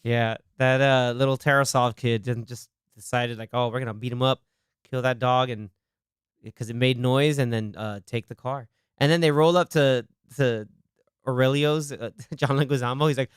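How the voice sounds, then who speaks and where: A young man hosting a casual movie podcast, excitedly retelling scenes and acting out the lines. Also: mid-range voice, normal speed, clean tone, dry recording, studio quality. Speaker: podcast host.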